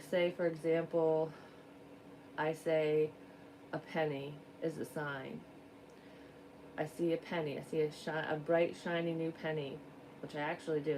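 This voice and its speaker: Frank, low-voiced woman psychic rambling. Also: a little mellow, far from the mic, slight background noise, rough recording. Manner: rambling, frank, swears a lot. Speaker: psychic medium giving a reading. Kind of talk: casual card-reading vlog.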